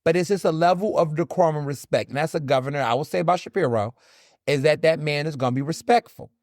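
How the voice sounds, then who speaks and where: Speaking fast in a fairly high voice, this Southern American podcast host delivers solo commentary with blunt, animated energy, cursing liberally and playing out the encounters he describes. The studio-quality audio has no room sound.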